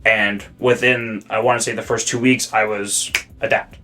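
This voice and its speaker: A young man from South Africa, now speaking with a Canadian accent, co-hosting a podcast in a rambling, animated way with plenty of swearing. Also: normal speed, faint music behind. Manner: rambling, animated, swearing, jumps high when worked up. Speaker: podcast co-host. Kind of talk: casual podcast chat.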